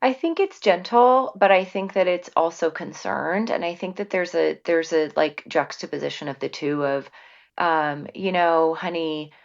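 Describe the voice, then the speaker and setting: A woman pediatrician in her forties explains things to parents in an earnest, conversational way, often pausing on fillers. Her voice sits a little low. The recording sounds dull and muffled. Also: vocal fry. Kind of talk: conversational medical advice.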